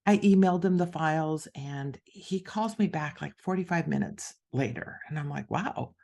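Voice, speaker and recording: This middle-aged woman, an author appearing as a podcast guest, has a low, gravelly voice and speaks at normal speed. She tells a story conversationally, animatedly acting out the voices of the people in it.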